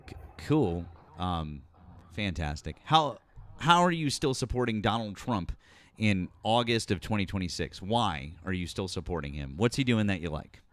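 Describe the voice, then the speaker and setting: A man's voice: fairly low pitch, animated, normal speed. A man hosting a live political call-in stream, talking bluntly and cursing freely. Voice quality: blunt, profane, exasperated. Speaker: host.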